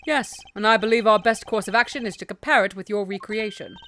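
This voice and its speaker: A woman voicing a refined male prosecutor in a game, speaking in a measured, lowered and precise way. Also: fairly bright tone, lightly acted. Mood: composed. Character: stiff, formal male prosecutor, cool and refined.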